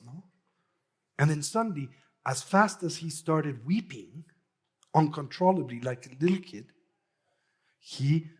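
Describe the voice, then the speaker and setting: Husky man teaching dharma. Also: a little high, darkish tone. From Mexico. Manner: anecdotal, tags phrases with a questioning "no?". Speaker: Buddhist teacher. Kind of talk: dharma talk with storytelling.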